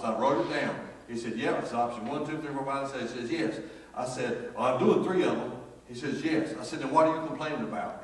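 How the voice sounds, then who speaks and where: A man preaching a sermon, telling a folksy, animated story full of acted quotes. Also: medium pitch. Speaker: pastor. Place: church sanctuary. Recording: echoey church hall from far off.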